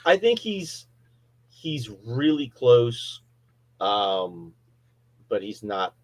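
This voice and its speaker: Male co-host, mid-pitch, hedges and restarts constantly, dry booth sound. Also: very animated, extremely slow, no echo, rough recording. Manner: hesitant, restarts and self-corrects while arguing. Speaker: podcast co-host. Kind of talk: casual debate chat.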